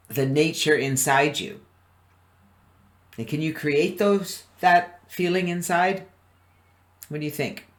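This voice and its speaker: Upbeat male webinar presenter, mid-pitched, chuckles and quizzes listeners. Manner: upbeat, often asks the audience questions; chuckles between points. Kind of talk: motivational webinar talk.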